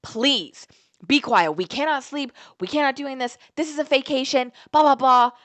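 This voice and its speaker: A woman voicing an annoyed neighbor who firmly begs the noisy guests to be quiet. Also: on the low side, moderate pace, dry recording, close to an everyday voice. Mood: exasperated. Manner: firm pleading complaint.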